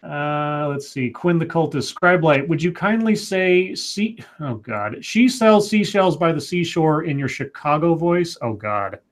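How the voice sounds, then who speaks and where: A man in his forties with a slightly higher voice co-hosts a casual live show. He reads viewer comments aloud and rambles through his answers, restarting his sentences with stammers. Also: animated, unhurried, few pauses. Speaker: co-host. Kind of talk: casual livestream chat reading viewer comments.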